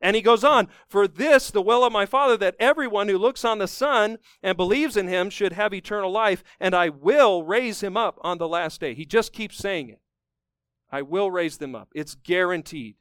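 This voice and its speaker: High-voiced man preaching emphatically. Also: moderate pace, fairly bright tone, clean tone, no room sound, studio quality. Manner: emphatic preaching, rising to fervent peaks then dropping low. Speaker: pastor. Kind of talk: sermon.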